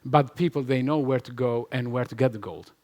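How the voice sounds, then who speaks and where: A man speaks at a live conference, hammering points with repetition. His voice sits in a middle pitch, and he laughs easily as he answers questions. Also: fairly quick, darkish tone. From Albania. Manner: emphatic, repetitive, laughs often. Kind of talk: conference talk and Q&A. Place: conference hall with live audience.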